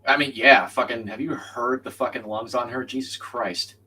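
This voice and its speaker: A man's voice: mid-range voice, fairly even intonation, normal speed, bright, forceful tone, slightly rough, distant mic, rough recording. A young man chatting casually and bluntly while streaming a co-op game, swearing freely. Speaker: co-op gaming streamer. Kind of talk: casual chat while gaming.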